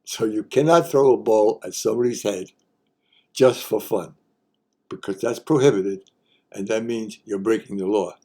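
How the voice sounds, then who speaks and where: A man's voice: fairly low pitch, normal speed, darkish tone. An older man hosting a casual explainer, talking in a folksy, wry way with joking asides. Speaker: host.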